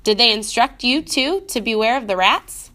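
A woman voicing an odd old male jailer who speaks of himself in the third person, bluntly and loudly, in a storybook reading. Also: fairly high pitch, animated, moderate pace. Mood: warning.

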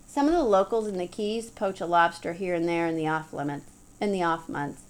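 A woman's voice: on the low side, a little fast. A woman reading a story aloud in an easygoing, storytelling manner, as audiobook narrator. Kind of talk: scripted narration.

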